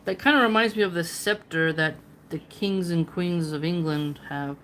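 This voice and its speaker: A woman's voice: lowish voice, moderate pace, a bit bright, slight background noise. A woman hosting a read-along, giving reflective, chatty explanations of the passage. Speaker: host reading and explaining philosophy. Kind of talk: casual read-along commentary.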